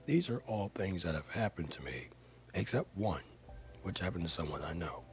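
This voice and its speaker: A man's voice: low voice, lively intonation, normal speed, dull audio, faint music behind. A man earnestly reading a viewer comment aloud, carefully and with dramatic stresses.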